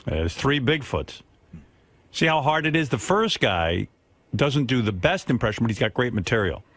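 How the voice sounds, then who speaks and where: A man's voice: medium pitch, sing-song, normal speed, a bit bright, no room sound. A man hosting a radio show, bantering playfully and laughing often. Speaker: radio host.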